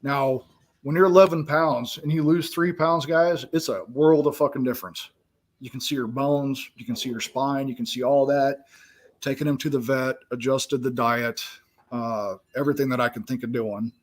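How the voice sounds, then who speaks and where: A man's voice: mid-range voice, fairly even intonation, moderate pace. A middle-aged man hosting a casual livestream from his home kitchen, chatty and swearing, often talking to his chat. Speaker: livestream host.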